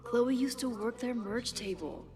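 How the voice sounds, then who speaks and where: An actress voicing Max, a quiet and thoughtful young woman photographer in a game, talking softly in inner monologue, often close to a whisper. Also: fairly high pitch, a little slow, natural voice. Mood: reflective. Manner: soft, introspective, often near a whisper. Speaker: game character. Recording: game audio with long reverb and music. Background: game music.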